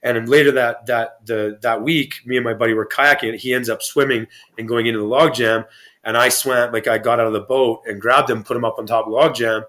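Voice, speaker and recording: Man, rapid speech, rambling, profane, lots of restarts, casual interview storytelling. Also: medium pitch, fairly even intonation, fairly bright tone. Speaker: podcast guest.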